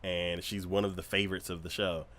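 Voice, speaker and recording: A man co-hosting a casual anime review podcast, retelling a show's plot as a lively storyteller who acts out scenes with loud squeals and laughter. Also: low-pitched, fairly quick. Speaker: podcast co-host. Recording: livestream podcast.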